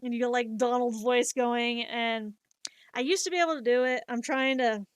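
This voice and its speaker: Woman streamer in her thirties, casual storyteller; clear, slightly high voice, dry sound, rambling with fillers. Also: fairly even intonation, normal speed, no echo. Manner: rambling, many fillers and restarts, laughs at herself.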